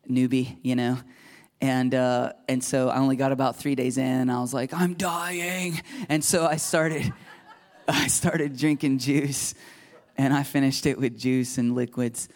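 A man's voice: mid-range voice, vocal fry, a little mellow. A man in his thirties preaching a sermon as a pastor, earnest and confessional, acting out quoted prayers.

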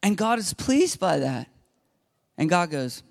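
A man's voice: high-pitched, very animated, takes it slowly, creaky. A middle-aged man preaching a sermon as pastor, acting out Bible dialogue with rising intensity.

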